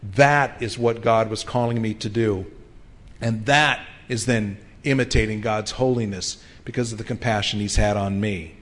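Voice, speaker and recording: A man's voice: lowish voice, fairly even intonation, normal speed, a bit bright. Earnest middle-aged male pastor preaching. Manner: earnest, conversational preaching with frequent ums. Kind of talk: sermon.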